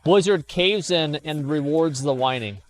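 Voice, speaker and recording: A man's voice: on the high side, measured pace. Blunt, scornful male streamer. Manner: blunt, scornful, swears, stammers and restarts. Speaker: streamer reacting to forum posts. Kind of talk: casual live-stream commentary.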